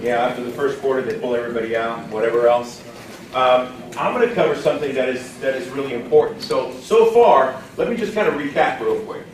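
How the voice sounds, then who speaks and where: A man from Texas giving an energetic motivational training talk to a live audience, often putting questions to the room. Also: medium pitch, brisk. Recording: roomy echo from far off, faint ambience.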